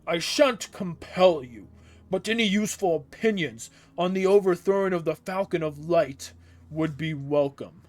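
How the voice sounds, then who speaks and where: A man's voice: a little high, animated, normal speed, close to an everyday voice. A man reading as a courtly nobleman. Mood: courteous.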